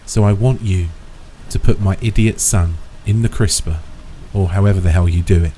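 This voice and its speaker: A man's voice: deep voice, normal speed, warm tone, a little hiss or hum, natural voice. A man voicing a wealthy, domineering middle-aged father who talks down to others with blunt contempt. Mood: demanding. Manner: blunt, bullying, dismissive.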